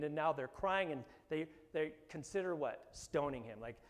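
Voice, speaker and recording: Animated pastor in an echoing hall. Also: male voice, on the high side, normal speed, hardly any pauses. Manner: animated, rising to emphatic bursts, acting out voices in quotes. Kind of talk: sermon. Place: church hall. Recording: long hall reverb.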